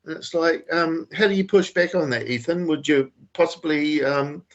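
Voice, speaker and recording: A man's voice: fairly high pitch, normal speed, dull audio. A man hosting a call-in livestream, sarcastic and profane in mock-serious banter. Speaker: livestream host. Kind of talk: casual call-in stream banter.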